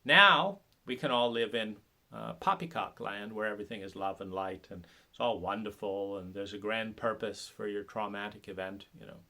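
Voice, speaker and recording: A man speaks in a bright, forceful tone, delivering a passionate monologue on trauma recovery. His talk is halting, full of fillers and restarts. He turns sarcastic, mocking others in put-on voices. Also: fairly low pitch. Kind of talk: impassioned spoken monologue.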